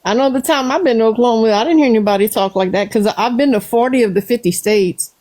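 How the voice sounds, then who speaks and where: A woman's voice: on the high side, fast, darkish tone. A woman with a Cajun accent hosting a casual livestream chat, talking easily and putting questions to her viewers. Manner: chatty, asks viewers questions. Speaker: livestream host.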